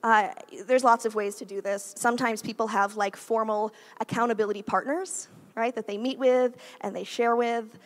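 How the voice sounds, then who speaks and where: A woman in her thirties, visiting as a guest preacher, gives a conversational sermon in church. Her voice sits on the high side with a steady tone, moving at normal speed with few pauses. She's chatty, sprinkling in "like" and "right?" often.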